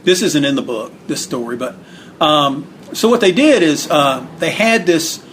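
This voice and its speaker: Man, interview guest, rambling storyteller, fairly high voice, light background noise; does others' voices by pitching up. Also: lively intonation, unhurried, fairly bright tone. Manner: rambling, acts out quotes with raised pitch. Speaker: interview guest, wrestling book author. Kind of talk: casual storytelling.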